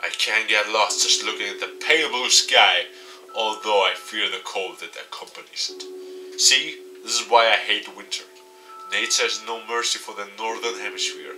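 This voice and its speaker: A man streaming a game, reading the visual novel aloud and adding animated asides. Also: lowish voice, normal speed. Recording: distant mic with faint music.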